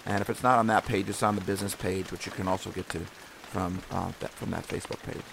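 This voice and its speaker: A man's voice: low voice, steady tone, fast, vocal fry, background noise. A man hosting a podcast, giving a casual devotional talk in an earnest, encouraging way that rambles and restarts often. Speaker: podcast host.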